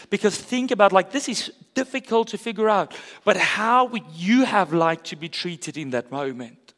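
A pastor preaching a sermon in an earnest, conversational way with casual asides. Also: male voice, sits high, lively intonation, normal speed, a bit bright, big-room sound. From South Africa.

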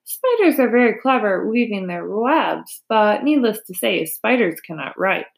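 Woman reading as a formal, speechifying man on a fair loudspeaker, for a storybook reading. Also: medium pitch, big pitch swings, normal speed, gravelly. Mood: grand. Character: pompous male fair announcer on loudspeaker.

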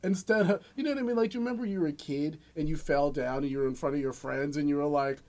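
A man's voice: on the high side, fairly even intonation, quick pace, a little mellow. A man chatting casually on a podcast, telling stories animatedly and acting out quotes, with frequent swearing.

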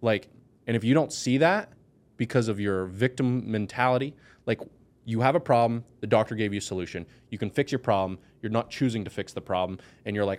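A man with a fairly low voice speaks candidly as a podcast guest. He is blunt and emotional, and his voice rises and pushes hard on key words. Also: a little fast. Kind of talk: candid personal conversation.

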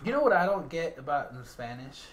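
A man in casual chat who gives chatty, opinionated commentary with lively emphasis. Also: on the high side, fairly quick.

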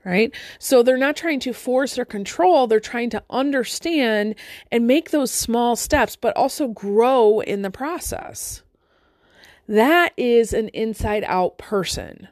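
A woman's voice: on the high side, expressive, slow, a little mellow, no room sound. A middle-aged woman life coach giving a motivational talk to listeners, conversational and full of rhetorical questions and "right?".

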